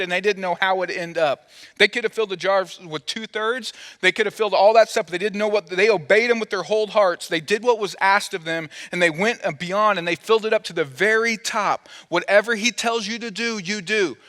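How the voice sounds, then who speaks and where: Male pastor, conversational sermon, fairly high voice, long reverb of a large hall. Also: fairly quick, pushed and bright. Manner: conversational and playful, acting out quotes.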